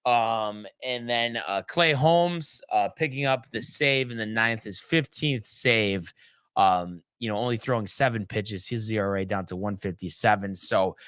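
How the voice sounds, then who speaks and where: A man's voice: fairly low pitch, measured pace, a bit bright, clean tone, no echo. A man hosting a sports talk show, recapping games in a loose, chatty way with many ums and restarts. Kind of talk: casual sports recap chat.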